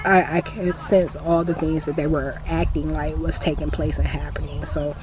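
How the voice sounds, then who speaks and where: A woman telling a rambling, animated story on her porch, laughing and cursing as she goes. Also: low-pitched, normal speed, noisy background. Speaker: vlogger. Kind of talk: rambling casual monologue.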